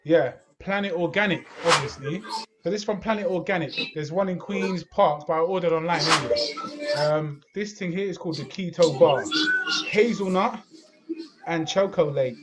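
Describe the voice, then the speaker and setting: A man's voice: on the high side, moderate pace, very noisy. A young man, co-hosting a podcast over a video call, bantering in street slang. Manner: banter-heavy London slang. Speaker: podcast co-host. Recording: lo-fi online call audio.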